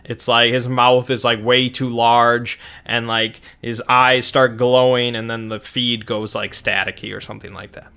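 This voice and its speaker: A man's voice: medium pitch, little pitch movement, measured pace, creaky, sharp tone, clear, resonant tone. A young man recounting a tabletop game session in a rambling way, with many fillers and restarts.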